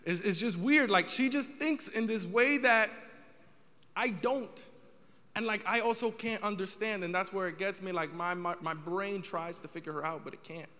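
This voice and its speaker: A man's voice: high-pitched, moderate pace, bright, forceful tone, in a large hall. A young man doing a stand-up comedy set, telling a story with rising exasperation.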